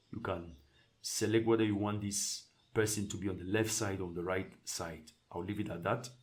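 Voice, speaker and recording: Deep-voiced man talking through a tutorial. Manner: relaxed, thinks aloud with restarts while clicking through settings. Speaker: tutorial presenter. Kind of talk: casual screen-share tutorial.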